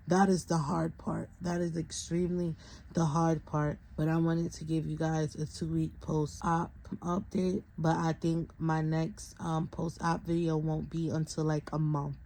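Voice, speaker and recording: Exhausted young woman vlogger, flat low gravelly voice, venting straight to camera. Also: slight background noise, rough recording. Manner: venting, tired, talks straight to viewers. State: exhausted, close to tears. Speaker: vlogger, parent of a sick child. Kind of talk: emotional vlog update.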